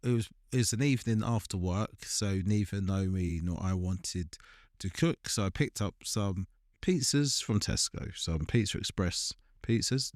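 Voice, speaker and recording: A man's voice: low-pitched, dry recording, studio quality. A young man, a podcast co-host, telling rambling everyday stories in casual chat and laughing through them.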